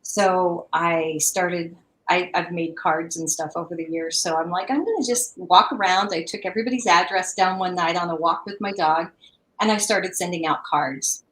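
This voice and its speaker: A woman's voice: lowish voice, fairly even intonation, normal speed, a bit bright, reverberant, low-quality recording. A woman guest in a casual interview on a video call, speaking in a heartfelt, reflective way.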